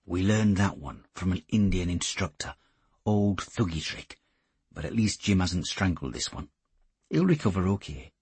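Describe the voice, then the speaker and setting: Man reading burly gruff commando, curt low orders, deep husky voice, dry sound. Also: big pitch swings, moderate pace, a little mellow, no echo, exaggerated voice.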